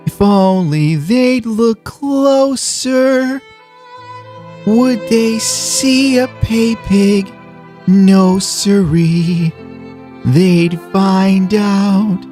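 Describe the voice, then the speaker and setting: A man's voice: high voice, a little mellow, pitched above the performer's own voice. A man putting on the voice of a simpering, groveling male fan, drawn out and pleading. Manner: slow, drawn-out pleading delivery.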